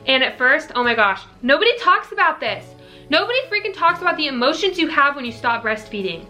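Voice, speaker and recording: Bright-voiced chatty young woman vlogger. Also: high voice, brisk. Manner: chatty, earnest, peppered with "like" and "you know". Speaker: fitness vlogger answering viewer questions. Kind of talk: casual Q&A chat to camera. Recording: faint music behind.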